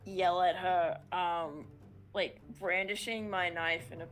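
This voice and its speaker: Slow-talking young woman player. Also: lowish voice, steady tone, soft background music. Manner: casual, hesitant, lots of ums. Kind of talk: playing a tabletop game.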